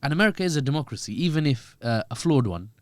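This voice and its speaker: Male guest, mid pitch, dry booth sound, chatty commentary that jokes and acts out voices. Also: very fast, dry recording. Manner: animated, joking, acts out quoted voices. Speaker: podcast guest. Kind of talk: conversational political commentary.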